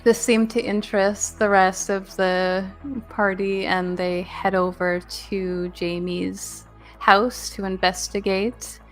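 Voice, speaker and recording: A woman narrating a tabletop game as game master, recapping the last session in a relaxed way with plenty of fillers. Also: mid-range voice, slow, faint music behind.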